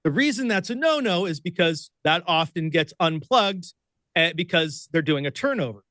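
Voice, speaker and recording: At a moderate pace and a fairly high pitch, a male radio producer and host from Oregon tells a story as a guest. He's excitable, laughs a lot, and acts out the voices of his characters. The recording has no room sound, and the delivery is animated storytelling.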